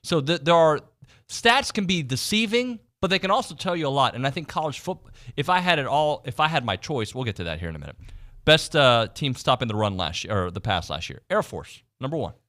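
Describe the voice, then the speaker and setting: A man hosting a casual sports talk radio show, animatedly reading out team stats and quizzing his co-host. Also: mid-range voice. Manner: animated, reads stats off quickly. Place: radio studio.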